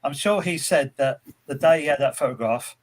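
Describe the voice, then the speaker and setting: A man co-hosting a casual football fan podcast, chatty and quick to laugh at himself. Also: on the high side. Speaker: podcast co-host.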